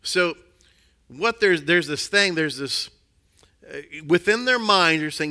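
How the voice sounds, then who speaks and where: A man's voice: fairly high pitch, lively intonation, takes it slowly, pauses often. A man giving an earnest, conversational sermon, reading scripture aloud and explaining it to his listeners. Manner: earnest and conversational, drops softer on emphasis and acts out quoted voices. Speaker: preacher.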